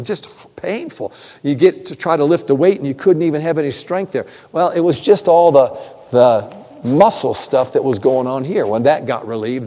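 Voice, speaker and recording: A man preaching a sermon, telling stories in a conversational, animated way with self-deprecating humor. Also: mid-range voice. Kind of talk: sermon with storytelling. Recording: long reverb of a large hall.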